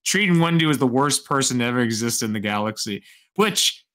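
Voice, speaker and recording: A man's voice: mid-range voice, lively intonation, a little fast, pushed and bright. A man co-hosting a casual chat about comics, rambling with many restarts. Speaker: co-host reviewing comics.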